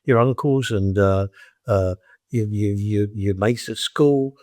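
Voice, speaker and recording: A man's voice: lowish voice, slow, darkish tone. An older man, a veteran of advertising, talking bluntly and plainly as a guest in a podcast interview. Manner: blunt, plain-spoken, repeats words when starting.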